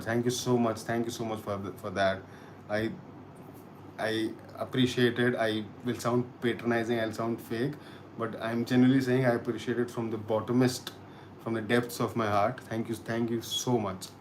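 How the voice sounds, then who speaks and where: Chatty Kashmiri man, lowish voice. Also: a little hiss or hum. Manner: chatty, repeats words and restarts, thanks viewers. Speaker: livestream host. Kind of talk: casual live-stream chat reading comments.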